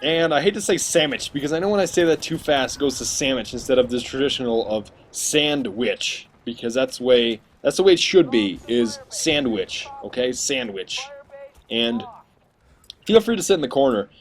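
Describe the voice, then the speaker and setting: A man's voice: medium pitch, animated, a little fast. Sarcastic rambling gaming commentator man. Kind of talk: gameplay commentary voice-over.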